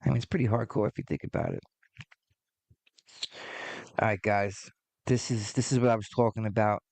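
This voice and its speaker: A man's voice: on the low side, fairly even intonation, a little fast, creaky, darkish tone, no room sound. A man in his forties hosting a podcast, ranting casually with lots of swearing and rambling asides. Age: 40s. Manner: profane, rambling, exasperated. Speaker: podcast host.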